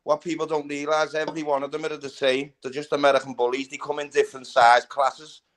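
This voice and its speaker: A man's voice: on the high side, level tone, a little fast, fairly bright tone. A man in casual chat, bantering and giving firm opinions.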